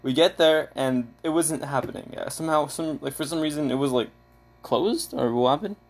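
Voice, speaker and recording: A young man casually telling a funny story to friends, animated and laughing, acting out quoted lines. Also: fairly high pitch, normal speed.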